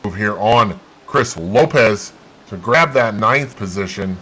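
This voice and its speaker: A man hosting a gaming channel, giving excitable play-by-play of his racing game and bursting into loud exclamations. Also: lowish voice, takes it slowly, breathy edge, low-quality recording.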